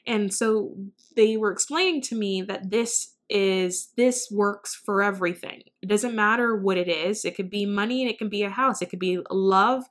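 A woman channeler talking casually to her viewers, chatty and animated as she acts out quoted dialogue. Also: mid-range voice, normal speed. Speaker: spiritual channeler. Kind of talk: casual storytelling to camera.

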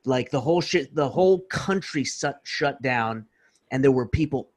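A man's voice: mid-range voice, lively intonation, moderate pace. Easygoing man in casual podcast chat. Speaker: podcast co-host.

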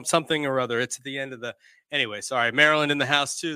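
A man's voice: medium pitch, steady tone, rapid-fire, bright, forceful tone, clear, resonant tone, no room sound, studio quality. A man hosting a casual live-streamed talk show, laughing often and reading out viewer comments. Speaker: podcast host.

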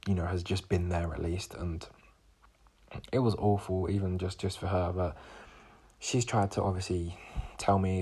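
Gravelly-voiced young man telling a story. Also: sits low, flat delivery, moderate pace, long pauses, a little mellow. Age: 20s. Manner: rambling, with many fillers and restarts. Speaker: podcast host. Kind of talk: personal storytelling.

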